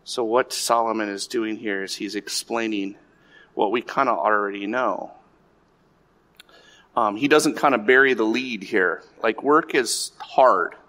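A middle-aged man preaching a sermon, telling stories in an animated way with many restarts and asides to the congregation. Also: on the low side, a little slow. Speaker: pastor.

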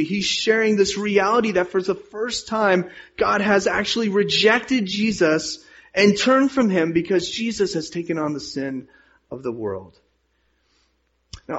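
A man's voice: high-pitched, breathy edge. A man preaching a sermon and reading scripture aloud in an earnest manner, his volume rising and falling. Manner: earnest, rises and falls in volume. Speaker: pastor. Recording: dull lo-fi sound.

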